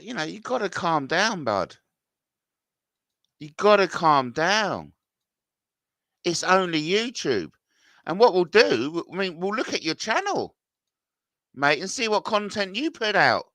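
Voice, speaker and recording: A man's voice: high voice, bright, forceful tone, dry recording, studio quality. A man rambling casually to camera in a chatty vlog, laughing things off. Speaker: vlogger.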